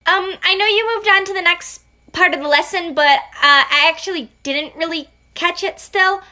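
A woman plays a flustered student on a video call, stumbling over ums and restarts. Her voice is high and bright. The scene is a comedy sketch. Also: moderate pace, exaggerated voice. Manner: hesitant, flustered, many ums. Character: flustered student in online class.

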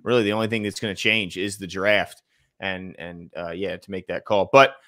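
A man's voice: sits low, fairly even intonation, moderate pace, pushed and bright. A man hosting a casual sports talk show, rambling and reading viewer comments aloud. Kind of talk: casual sports podcast chat.

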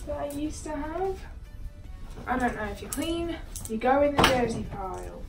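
High-voiced woman vlogging from across an echoey room. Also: expressive, moderate pace. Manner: silly, joking, talks to her belongings. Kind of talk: goofy running commentary while cleaning. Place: messy bedroom. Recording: echoey room, far from mic, music behind.

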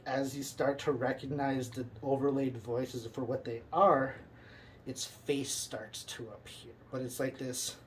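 Audio is poor, with a little hiss or hum, as a man of medium pitch casually leads a listener through an imagined scene. He rambles loosely and uses lots of filler words.

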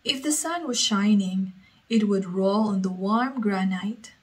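Woman reading a story out loud, really slow and steady, mid pitch. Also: poor audio.

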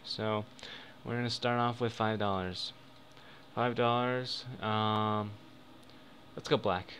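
Excitable young man, bright voice. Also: fairly low pitch, takes it slowly, a little hiss or hum. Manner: excitable, swings from mumbling to shouting. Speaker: gaming YouTuber. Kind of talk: casual gambling commentary. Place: home room. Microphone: desk microphone.

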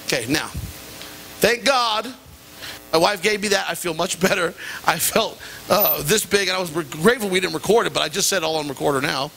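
A middle-aged male pastor preaching a sermon and telling animated, self-deprecating stories with sudden jumps in pitch. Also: brisk, gravelly, slight background noise. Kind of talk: sermon with personal anecdote. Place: church sanctuary.

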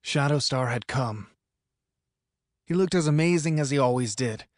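A man narrates an audiobook with an upbeat, playful delivery. His voice sits at a middle pitch. The booth recording is dry and close to the mic. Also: moderate pace, no room sound. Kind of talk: scripted narration.

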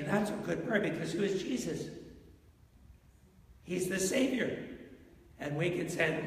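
A man's voice: sits high, animated, takes it slowly, vocal fry, pauses often. A male pastor preaching a sermon in a church, talking in a conversational way and asking the congregation questions. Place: church sanctuary. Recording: echoey hall from far off.

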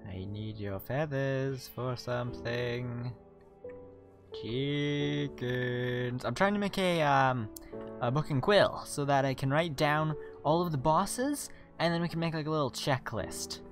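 Let's-play host, tired, chatty and excitable, rambling, mid-pitched voice, faint game music behind. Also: slow. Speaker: gaming video host. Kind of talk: casual let's-play commentary.

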